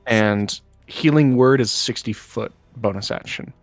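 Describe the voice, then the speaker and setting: A man's voice: medium pitch, measured pace, faint music behind. A man playing a tabletop game, thinking aloud about his moves with many fillers. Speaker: player.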